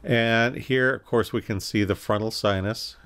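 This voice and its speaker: A man giving a recorded anatomy lecture, calmly explaining and pointing through slides with occasional self-corrections. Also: on the low side, measured pace. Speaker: anatomy instructor.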